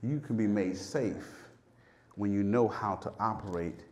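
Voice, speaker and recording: A man preaching a sermon with fervor, repeating phrases and swinging from loud peaks to hushed lows. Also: measured pace, a little hiss or hum.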